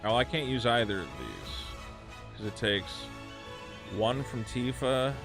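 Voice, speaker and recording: Animated, cursing male game streamer. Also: mid-range voice, slow, vocal fry, over music. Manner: profane, ranting, animated. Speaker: streamer and podcast host. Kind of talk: casual gameplay commentary.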